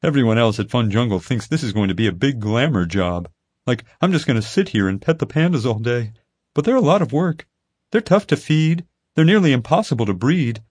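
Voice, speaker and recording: A man's voice: mid-range voice, lively intonation, fairly quick, darkish tone, breathy edge, no room sound, voice pushed up. A man voicing an eager, chatty young zookeeper woman. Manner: eager, rattles off facts. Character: chatty lonely young female panda keeper. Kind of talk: audiobook character voice. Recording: dry close studio sound.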